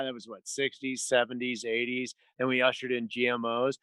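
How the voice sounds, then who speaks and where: Bright, emphatic male podcast guest. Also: mid-range voice, steady tone, fairly quick, clear, resonant tone, no room sound. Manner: emphatic, rattles off lists and figures. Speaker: podcast guest, health author. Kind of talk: casual conversation.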